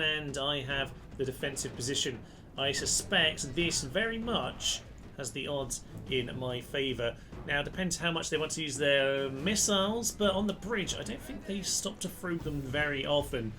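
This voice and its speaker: A man giving chatty, excitable commentary on a strategy game, cheering his troops on. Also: fairly high pitch, moderate pace. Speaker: gaming channel host. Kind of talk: casual gameplay commentary. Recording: gameplay commentary with loud music behind. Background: guitar music.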